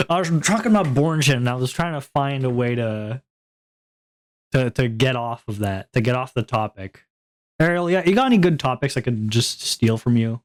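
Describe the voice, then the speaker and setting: A man's voice: mid-range voice, lively intonation, moderate pace. A male VTuber streamer in casual solo chat, rambling from topic to topic, poking fun at himself and laughing often.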